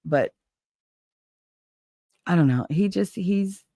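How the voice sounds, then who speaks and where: A woman's voice: fairly low pitch, lively intonation, slow pace, mellow, dry recording. A middle-aged woman with a New Jersey accent, hosting a casual livestream chat in a candid, profane, chatty way. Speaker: livestream host.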